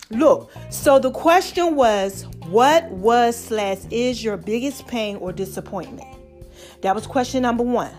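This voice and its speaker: A woman hosting her own podcast in casual, chatty talk, out of breath and sighing between phrases, calling her listeners baby. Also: fairly high pitch. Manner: lively, chatty, calls listeners baby and y'all. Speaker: podcast host.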